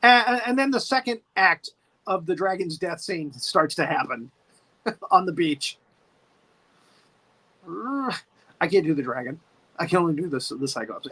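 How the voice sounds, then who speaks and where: A man co-hosting a podcast, recapping a monster movie in a lively way, laughing often and acting out the scenes. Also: high-pitched. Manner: animated, laughing, acts out scenes. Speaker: podcast co-host.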